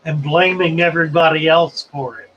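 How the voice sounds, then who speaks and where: A man's voice: a little high, fairly even intonation, normal speed, a bit bright, lo-fi sound. A man hosting a live stream in a casual, chatty way, reading viewer comments aloud and musing as he goes.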